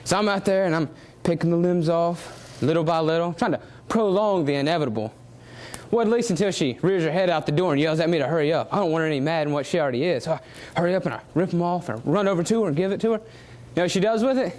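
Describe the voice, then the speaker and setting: A young adult man with a Southern US accent, his voice on the high side and quick, gives a student public speaking competition speech. He's animated and poses rhetorical questions to the audience as he goes.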